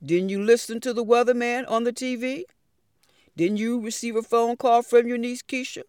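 A woman storyteller voicing the Lord, gently scolding with a string of patient questions. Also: a little high, fairly even intonation, normal speed, clear, resonant tone, dry recording, studio quality, pitched above the performer's own voice, close to an everyday voice. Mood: chiding. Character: the Lord, a calm patient heavenly voice.

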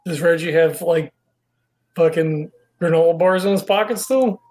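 A man's voice: a little high, moderate pace, a little mellow. A man playing a tabletop role-playing game, talking casually with swearing and hesitant fillers. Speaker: player.

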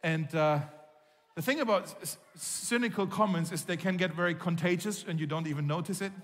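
A man with a high-pitched voice preaches a sermon as a pastor. He tells a personal story in an animated way and acts out the quoted lines. His voice carries the long reverb of a large church hall. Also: brisk.

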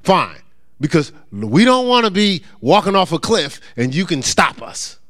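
A middle-aged pastor, preaching in a church in a loose, conversational way. His fairly high voice swings up and down as he slips into the voices of the people he describes. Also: sing-song, unhurried, a bit bright. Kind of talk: sermon.

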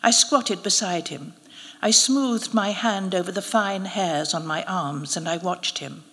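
A woman, an actress, reading a short story aloud at a live event in a measured, expressive way. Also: on the low side. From United Kingdom. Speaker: narrator, actress. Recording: reverberant hall at a live event.

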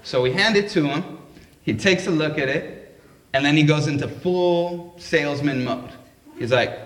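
Man, personal storytelling, casual and laughing, higher voice, roomy echo. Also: a little slow, slight background noise. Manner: casual, laughing anecdotal delivery.

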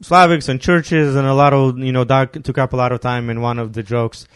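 A man's voice: mid-range voice, fairly even intonation, a little fast, smooth, dry recording, studio quality. A man hosting a casual podcast, rambling and laughing as he tells stories and thanks listeners. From immigrant who arrived near his teens. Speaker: podcast host.

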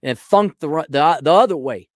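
A man's voice: fairly high pitch, animated, normal speed, dry recording, studio quality. Ranting, profane male podcast host. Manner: profane, rambling, sarcastic. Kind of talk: casual ranting monologue.

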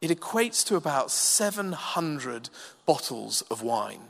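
A man preaching a sermon in a church, measured and emphatic with dramatic pauses. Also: a little high, sing-song, creaky, fairly bright tone, a little hiss or hum. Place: church hall. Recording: long reverb of a large hall.

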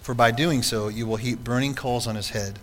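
A man's voice: medium pitch, steady tone, normal speed, in a large hall, a little hiss or hum. A man preaching a sermon to his congregation in a church, earnest and conversational, often asking rhetorical questions. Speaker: pastor. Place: church sanctuary.

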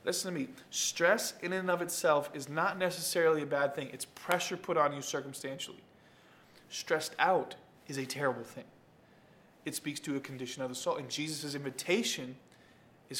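A male pastor giving an emphatic sermon, dropping low for quiet points and rising into loud calls to the congregation. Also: steady tone, moderate pace, a little hiss or hum. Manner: emphatic preaching, swings from soft asides to loud calls; talks straight to the congregation.

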